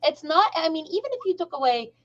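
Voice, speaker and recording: A woman's voice: extremely high pitch, fast talker. A woman in a casual podcast chat, making her case and checking in with "right?". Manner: lively, tags points with "right?". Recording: dull lo-fi audio.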